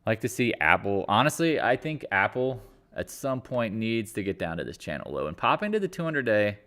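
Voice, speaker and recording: Very animated and talking a little fast, a stock market streamer with a lowish, slightly bright voice riffs casually on the market, joking, rambling and swearing now and then.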